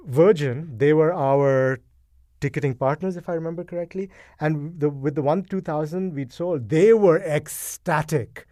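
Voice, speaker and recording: A middle-aged man, a guest in an interview, telling his story in a casual, animated and emotional way. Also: a little high, moderate pace, dry recording, studio quality. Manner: animated, emotional, acts out past dialogue. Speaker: guest, event co-founder.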